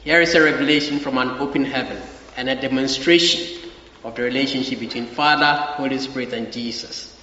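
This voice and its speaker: A man's voice: medium pitch, steady tone, brisk, pushed and bright. Emphatic male preacher in an echoey hall. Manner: emphatic, repeats key phrases, asks the congregation for agreement. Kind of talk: sermon. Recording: echoey hall, dull lo-fi sound.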